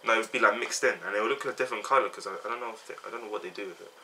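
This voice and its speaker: Fast, sharp-voiced young man. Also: lowish voice, steady tone, far from the mic, slight background noise. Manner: blunt, offhand slang. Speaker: vlogger. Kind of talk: casual chat.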